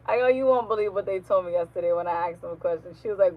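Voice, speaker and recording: A woman on a casual live stream, animated and slangy, laughing often and acting out what her coworkers said. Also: medium pitch, rapid-fire, hardly any pauses, highs cut off. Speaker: livestream host. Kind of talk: casual storytelling chat.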